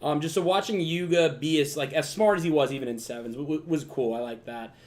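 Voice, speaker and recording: A man with a notably high voice rambles through his thoughts as a podcast cohost. He restarts often and gets excited as he talks. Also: a little fast. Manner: rambling, filler-heavy, excitable retelling. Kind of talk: casual podcast discussion.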